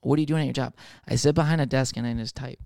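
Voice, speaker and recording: A young adult man, a comedian, riffing in a casual rambling monologue, swearing often and slipping into quick voices of other people. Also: mid-range voice, fairly even intonation, gravelly, a little mellow, no room sound, clean studio sound.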